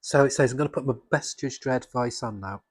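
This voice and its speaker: A man with a husky voice chatting casually and enthusiastically about comics, rambling with restarts. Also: mid-range voice, brisk, no room sound. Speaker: comics vlogger. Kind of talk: casual chat.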